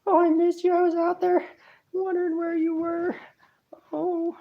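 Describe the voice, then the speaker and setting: A man voicing his excited, affectionate male pet mink in a much higher voice. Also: moderate pace, creaky, highs cut off. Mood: gushing. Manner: gushing, breathless.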